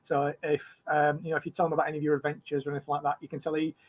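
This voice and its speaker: A man running a tabletop game as game master. His voice sits a little high, and he narrates in a loose, rambling way with lots of fillers and restarts. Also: monotone, racing, low-quality recording.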